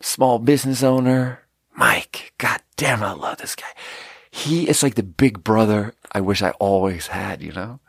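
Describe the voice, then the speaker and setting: Guy ranting about annoying customers, kinda low voice, dry close sound, swears a lot. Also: unhurried, vocal fry, breathy edge, no echo. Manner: profane, exasperated, animated retelling. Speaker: podcast host; restaurant server. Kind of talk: casual storytelling.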